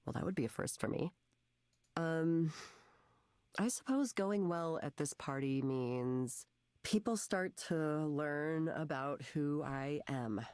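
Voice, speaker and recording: A woman's voice: low voice, slow, a little mellow, clean tone, no room sound, clean studio sound. A woman voicing an anxious, self-doubting young woman in a video game, speaking nervously and hesitantly. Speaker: game character.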